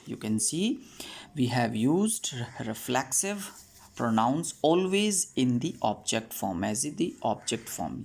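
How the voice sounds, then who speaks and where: A woman's voice: a bass voice, creaky, a little mellow. A woman teaching an English grammar lesson, patiently repeating each point and slipping into Hindi to explain.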